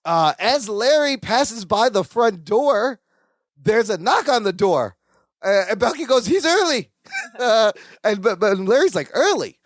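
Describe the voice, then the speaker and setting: A man's voice: sits high, a little slow, dry recording, studio quality. A man co-hosting a podcast, casually recapping a sitcom episode and acting out the characters' lines. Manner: animated, acts out lines in character voices. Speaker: podcast co-host.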